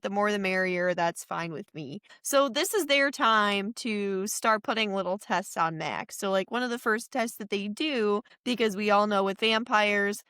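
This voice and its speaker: A woman co-hosting a casual movie podcast, retelling scenes with animated character voices. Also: medium pitch, smooth, dry recording, studio quality. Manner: animated retelling, acting out character lines in quick bursts. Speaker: podcast co-host. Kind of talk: casual movie recap chat.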